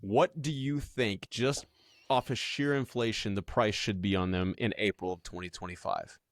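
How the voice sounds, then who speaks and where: Man, podcast co-host, casual chat, animated, dry close sound. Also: fairly low pitch, normal speed, dry recording. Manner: animated, thinks aloud with many restarts.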